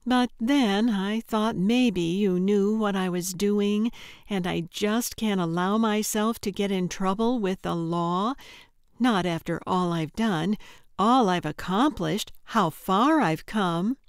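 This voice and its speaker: A woman narrator voicing a giggly, unhinged female kidnapper who talks in a high, bubbly, overly friendly sing-song. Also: takes it slowly, clear, resonant tone, no echo, studio quality. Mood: sugary, chirpy. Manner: chirpy and overly friendly, tittering. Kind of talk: audiobook character voice.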